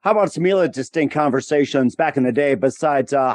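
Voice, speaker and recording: A man's voice: on the high side, fairly quick, few pauses, a little mellow, no room sound. A man hosting an interview, asking long rambling questions full of fillers. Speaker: podcast host.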